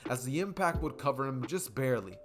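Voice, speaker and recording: A man's voice: mid-range voice, expressive, brisk. Casual young man narrating a story. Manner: casual and rambling, many fillers. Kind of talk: improvised fan story narration.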